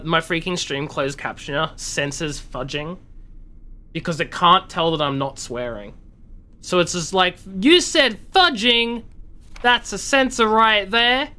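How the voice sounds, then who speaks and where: A man's voice: sits high, sharp tone. An Australian man chatting casually and joking while he streams a game. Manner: chatty, joking, mock-grumbling. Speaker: livestreamer. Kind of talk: casual gameplay commentary.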